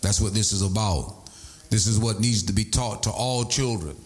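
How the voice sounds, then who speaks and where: A man preaching a sermon, animated, breaking into shouts and sing-song emphasis. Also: fairly low pitch, normal speed.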